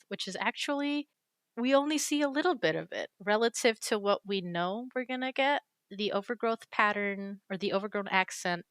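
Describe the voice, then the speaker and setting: A woman's voice: medium pitch, fairly bright tone, smooth, no room sound. A woman chatting casually and enthusiastically while walking through a game's character creator, with fillers and self-corrections. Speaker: YouTuber reviewing a game character creator. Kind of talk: casual screen-recorded commentary.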